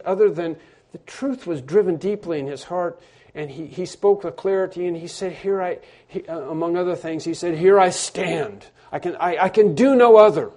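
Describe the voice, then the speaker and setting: A man preaching a sermon, telling a story earnestly, with hushed stretches and emphatic lines, and often repeating or restarting words. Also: a little high.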